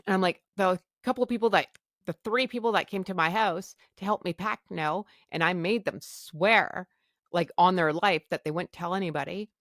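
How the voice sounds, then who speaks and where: A woman's voice: lowish voice, normal speed, fairly bright tone, dry recording, studio quality. A middle-aged woman hosting a podcast, telling a personal story candidly and emotionally, swearing freely and acting out her own thoughts. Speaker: podcast host.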